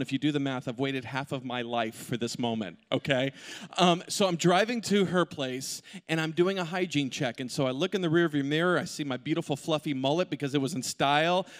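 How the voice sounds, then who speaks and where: A middle-aged male pastor telling a funny personal story in an animated way, with asides to the congregation. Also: on the high side, brisk. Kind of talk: sermon with humorous personal story. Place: large church auditorium. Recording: long hall reverb.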